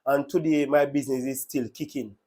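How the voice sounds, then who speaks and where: A man's voice: mid-range voice, fairly even intonation, fairly quick, dark tone. A man with a Jamaican accent telling his personal faith testimony in an earnest, emotional way, often repeating his words. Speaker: testimony speaker.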